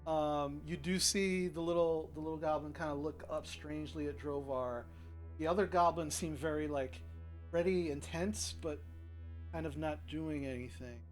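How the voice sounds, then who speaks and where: A man narrating a tabletop game as game master, describing the scene with hesitant pauses. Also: fairly high pitch, steady tone, soft background music. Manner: hesitant, lots of ums and restarts while describing the scene.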